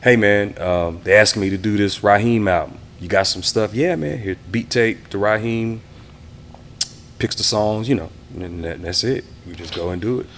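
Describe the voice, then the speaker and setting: Deep-voiced man reminiscing in an interview. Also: moderate pace, a little hiss or hum. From Houston area, Texas. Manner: relaxed, reminiscing, acts out quoted voices. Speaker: interview guest, DJ and producer. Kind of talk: casual interview storytelling.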